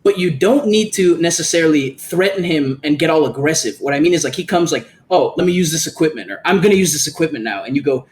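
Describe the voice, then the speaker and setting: A man's voice: fairly high pitch, fast talker, hardly any pauses. A man hosting a podcast, chatting casually and animatedly, swearing freely and acting out the lines of people in his stories. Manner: animated, profane, acts out quoted lines. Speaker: podcast host.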